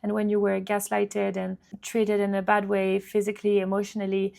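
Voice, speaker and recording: A woman vlogger telling a painful personal story to camera in an earnest, halting way, often restarting and repeating words, with faint guitar music under her voice. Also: mid-range voice, completely flat delivery, gravelly, a little mellow.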